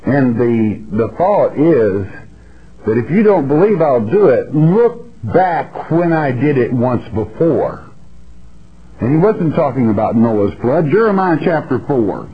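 Man, Bible teacher on air, folksy and blunt, emphatic, mid-pitched voice, dull lo-fi broadcast sound. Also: sing-song, slow.

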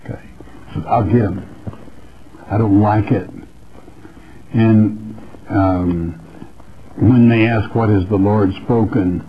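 A man's voice: on the low side, fairly even intonation, slow, pauses often, highs cut off, a little hiss or hum. A man teaching the Bible verse by verse on a radio broadcast, earnest and repetitive, calling the listener his friend. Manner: earnest, repeats phrases, addresses listener as friend. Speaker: preacher.

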